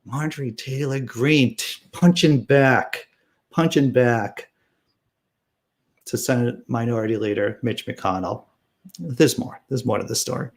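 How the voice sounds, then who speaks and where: A man's voice: mid-range voice, normal speed, vocal fry. Sarcastic man reading political news. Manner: sarcastic, animated, laughs while reading. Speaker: political commentary host. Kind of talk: casual political commentary reading news and chat comments.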